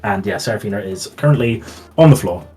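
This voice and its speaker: A man running a tabletop game as game master, describing scenes in a relaxed, rambling way with fillers. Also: lowish voice, quick pace, soft background music.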